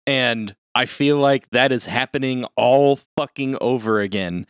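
A man of ordinary pitch chatting loosely on a podcast, swearing freely and laughing often. His voice comes through dry and close, with no room sound at all. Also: a little slow, smooth, no room sound. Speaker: podcast co-host. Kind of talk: casual chat.

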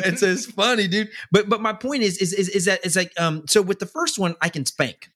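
A young man chatting casually as a podcast co-host, rambling with many restarts and repeated words, and turning animated when he quotes others. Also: a little fast, few pauses. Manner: animated, jumps higher when quoting others. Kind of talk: casual chat.

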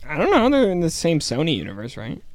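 A man's voice: fairly high pitch, wildly swooping pitch, fast talker, no echo. A man co-hosting a podcast, skeptically questioning his co-host in casual chat.

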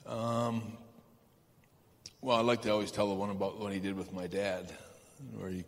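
A man being interviewed on a live stage, telling anecdotes in a rambling, halting way with lots of fillers and chuckles. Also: on the low side, level tone. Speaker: guest. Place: large event hall stage. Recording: reverberant hall, faint ambience.

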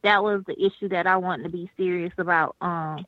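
A woman's voice: on the low side, fairly even intonation, fairly quick, no room sound. A woman co-hosting a casual podcast chat, outspoken and playful, calling in on a speakerphone. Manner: bold, outspoken and playful, with restarts. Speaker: co-host. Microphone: phone on speaker. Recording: dull speakerphone line.

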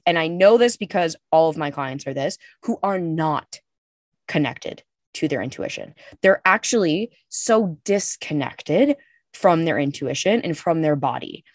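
A woman's voice: sits low, animated, measured pace, no echo. A young woman co-hosting a podcast, talking in a candid, emphatic way and swearing freely. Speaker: podcast co-host. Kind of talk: casual podcast chat.

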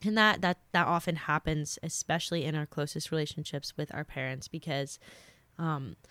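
Young woman podcast host, low voice, dry close sound, chatty, earnest, slightly sick. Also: fairly even intonation, normal speed, a bit bright, no echo. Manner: chatty, earnest, many fillers. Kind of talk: casual advice talk.

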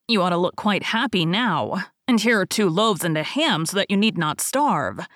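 A woman voicing a wild, fierce little robber girl in a storybook, with a blunt, commanding delivery in her own low-pitched voice. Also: lively intonation, normal speed, a bit bright, no echo, studio quality. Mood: bossy.

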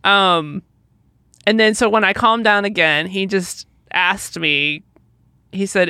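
A woman's voice: medium pitch, steady tone, slow, bright, forceful tone, clear, resonant tone, no echo, clean studio sound. A woman podcast co-host telling an emotional personal story, acting out the people in it with quoted dialogue.

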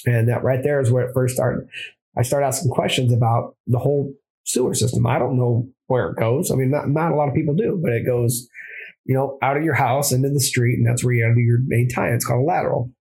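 A man's voice: mid-range voice, steady tone, quick pace, dark tone, breathy edge, low-quality recording. A man who is a plumber and former Marine, telling his story in a casual interview, rambling with frequent restarts and self-corrections.

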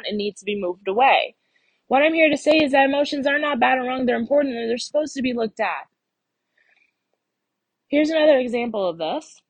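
A woman's voice: fairly high pitch, breathy edge, no room sound. A young woman hosting her own podcast as a life coach, talking casually and animatedly, often acting out what listeners think. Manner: animated, acts out listeners' inner voices. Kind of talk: solo podcast talk.

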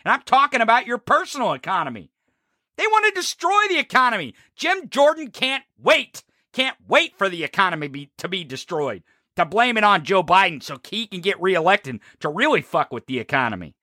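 A man's voice: high voice, big pitch swings, a little fast, bright, forceful tone, no echo, clean studio sound. A man hosting a political talk show, delivering a fiery, profane, combative rant. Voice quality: heavy swearing, fiery and combative.

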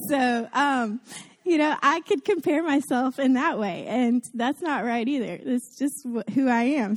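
Southern woman, warm-hearted church talk, somewhat high voice, self-deprecating, chatty delivery. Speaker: guest preacher at a church service. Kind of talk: casual Mother's Day sermon.

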